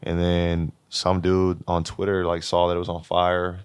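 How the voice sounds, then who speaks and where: Deep-voiced young man telling a story. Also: measured pace, clean tone, dry recording. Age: 20s. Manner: animated, laughing storyteller, acts out quotes. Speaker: guest, college basketball player. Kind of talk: casual storytelling interview.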